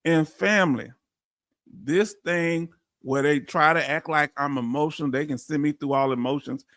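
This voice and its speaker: Southern Texan man hosting a livestream, high voice, dry close mic, talks blunt and direct to chat. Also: normal speed, fairly bright tone, no echo. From Houston, Texas. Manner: blunt, straight-talking, addresses chat directly. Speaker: livestream host.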